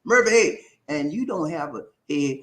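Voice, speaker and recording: A man hosting a live-stream talk show, reading viewer comments and calling out shout-outs in an animated, preacher-like way. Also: on the high side, normal speed, echoey room.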